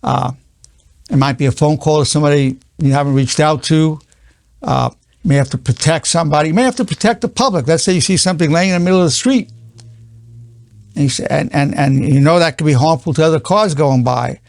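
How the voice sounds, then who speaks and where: A man's voice: fairly high pitch, a little fast, vocal fry, a little mellow, dry recording. A man in his eighties, a psychologist giving an earnest spoken lesson, repeating key phrases with stammering restarts. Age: 80s.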